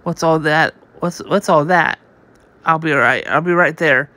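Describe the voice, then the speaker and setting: A man's voice: fairly high pitch, normal speed, bright, forceful tone. A man reading a comic aloud on his channel. His reading is casual and unpolished, with frequent restarts and read-out sound effects.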